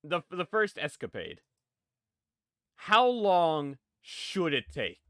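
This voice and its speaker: A man's voice: on the high side, wildly swooping pitch, a bit bright, no room sound, clean studio sound. A man hosting a game stream, chatting casually and teasing his friends. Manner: playful, teasing, quick to laugh. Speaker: streamer host. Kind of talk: casual chat while gaming.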